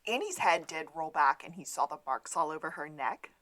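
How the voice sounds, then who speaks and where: Woman co-host, lower voice, relaxed recap of the plot for a rewatch podcast. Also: moderate pace, dry recording. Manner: relaxed plot summary with fillers. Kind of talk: casual episode recap chat.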